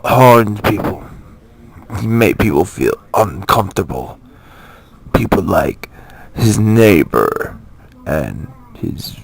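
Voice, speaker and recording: A slow, mock-serious documentary narrator, voiced by a man with a low, gravelly voice. His pitch swings widely as he delivers his halting lines. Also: exaggerated voice, rough recording.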